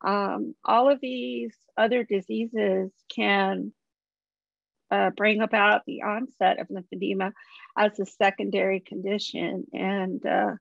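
A woman with a gravelly, fry-laden voice talks with heartfelt gratitude on a panel. The video-call audio is dull and lo-fi, with a dry, close sound. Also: medium pitch, level tone, takes it slowly, no echo. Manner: warm, grateful, heartfelt. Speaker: online community founder, guest. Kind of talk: panel conversation.

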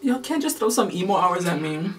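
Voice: mid-range voice, lively intonation, fairly quick, a bit bright, distant mic, soft background music. A vlogger reacting to a drama episode in casual, emotional, profane commentary. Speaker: video reactor.

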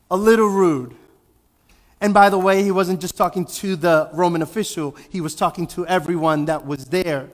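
A male pastor with a notably high voice delivers a sermon in an easy, conversational way. He leans on rhetorical questions to drive each point home. The recording carries a long church-hall reverb. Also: fairly quick. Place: church sanctuary.

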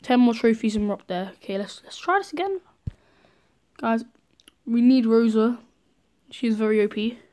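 A woman hosts live gameplay commentary, her voice sitting a little higher than most. She is excitable and quick to react, cheering on and scolding her teammates as the match unfolds. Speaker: gaming video host.

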